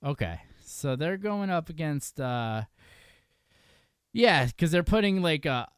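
A man's voice: a little high, lively intonation, takes it slowly, clear, resonant tone, dry recording, studio quality. A man hosting a casual podcast chat, loose and profane, laughing often and restarting his sentences. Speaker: podcast host.

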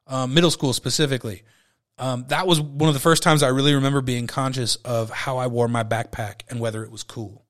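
A man's voice: medium pitch, fairly bright tone. A man in his thirties hosting a podcast, chatting casually about a movie he loves, rambling and swearing freely. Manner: rambling, profane, with frequent fillers. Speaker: podcast host. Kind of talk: casual movie review chat.

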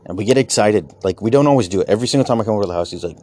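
A dad who does stand-up and podcasting speaks rapid-fire in a voice on the low side, darkish in tone with lively intonation. His casual personal reflection wanders, open and honest, sprinkled with swearing.

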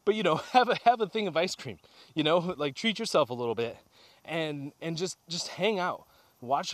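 A man hosting a casual motivational talk while out on a walk, getting slightly out of breath, addressing listeners as guys. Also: mid-range voice. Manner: energetic, talks to listeners as guys. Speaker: podcast host. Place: outdoors on a walk.

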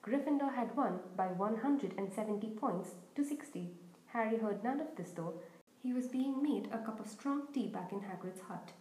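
Woman reading a story, mellow voice. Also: a little high, expressive, normal speed, reverberant, rough recording. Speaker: audiobook podcast host. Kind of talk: audiobook narration.

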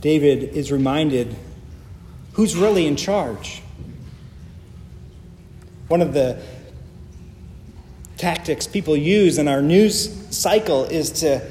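A man with a high, mellow voice delivers a sermon with earnest emphasis and measured pauses. The sound is roomy and echoey, like a church hall, with a faint hum of ambience behind him. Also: animated. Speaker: pastor.

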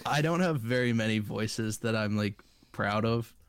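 A man's voice: on the low side, moderate pace, clear, resonant tone. A man co-hosting a casual comedic chat, laid-back and drawling, with jokes trailing off.

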